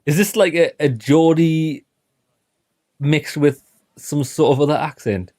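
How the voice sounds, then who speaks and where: A man's voice: on the high side, unhurried, pauses often, darkish tone. Chatty man with a Sunderland accent. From Northeast England. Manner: chatty, laughs a lot, mimics accents. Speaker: streamer. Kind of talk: casual live gameplay commentary.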